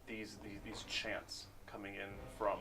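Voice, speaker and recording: A man narrating a tabletop game as game master, unhurried and pausing for words with many fillers. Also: on the low side, monotone, a crowd in the background.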